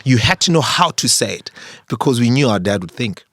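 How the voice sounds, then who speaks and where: A middle-aged man from Zimbabwe co-hosting a podcast, telling stories in a measured, careful way. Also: medium pitch, lively intonation, fairly bright tone, no room sound, clean studio sound. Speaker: podcast co-host. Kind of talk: casual chat.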